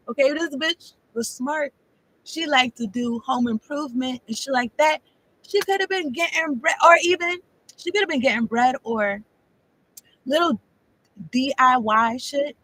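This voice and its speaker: High-pitched woman, casual tarot reader; rambling, profane, laughs a lot. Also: moderate pace, pushed and bright, rough recording. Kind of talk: casual tarot reading monologue.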